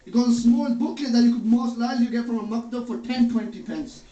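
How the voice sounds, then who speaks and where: A man's voice: very high voice, fast talker, mellow. A man giving a religious talk, telling stories and retelling others' words as quotes. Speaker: preacher. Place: hall or home gathering. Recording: dull, roomy, distant sound.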